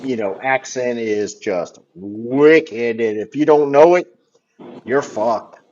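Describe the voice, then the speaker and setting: A man's voice: medium pitch, takes it slowly, darkish tone. A man chatting casually on a live stream, rambling and swearing freely with lots of fillers. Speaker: livestream co-host. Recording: dull lo-fi stream audio.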